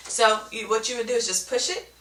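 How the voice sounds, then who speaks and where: A woman's voice: on the high side, a little fast, fairly bright tone, roomy sound, recorded from a distance, slight background noise. A woman teaching speech sounds in an instructional video, explaining step by step and often checking in with "okay?".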